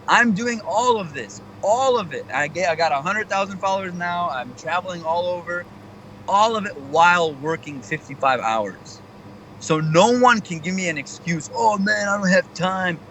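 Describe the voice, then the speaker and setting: A young male comedian chatting as a radio guest, animated and motivational in tone. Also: high-pitched, moderate pace, slight background noise, poor audio. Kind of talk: casual radio interview chat.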